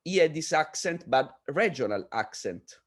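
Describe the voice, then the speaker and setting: Halting Italian man, mid-pitch. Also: animated, fairly bright tone. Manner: halting non-native English, lots of fillers and restarts. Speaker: film director. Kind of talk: casual interview conversation.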